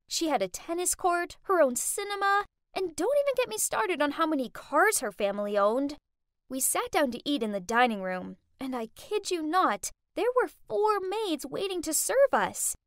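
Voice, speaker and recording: A woman telling a dramatic first-person story in a scripted narration style, with expressive delivery. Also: high voice, dry recording, clean studio sound.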